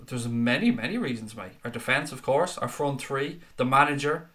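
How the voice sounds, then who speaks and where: A man in his own casual live-stream chat, reading out viewer comments one after another and answering them, often with a friendly "mate". His voice is bright and forward, with an ordinary middle pitch and a loose, conversational delivery. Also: animated, normal speed. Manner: chatty, reads out viewer comments, calls people mate. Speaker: fan channel host reading live chat.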